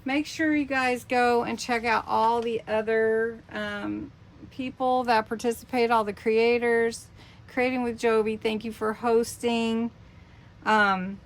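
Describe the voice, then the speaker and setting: Woman in her 50s, craft vlog host, unhurried, gravelly, overwhelmed and gushing, faint room noise. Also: on the high side, fairly even intonation. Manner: emotional, gushing, breathy exclamations. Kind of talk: casual unboxing vlog.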